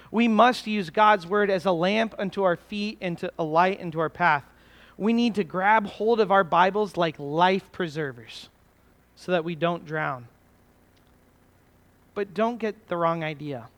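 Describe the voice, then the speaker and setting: A man with a notably high voice delivers an earnest sermon to his congregation. He speaks steadily and leans hard into key phrases, building to emphatic peaks. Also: fairly bright tone. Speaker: preacher.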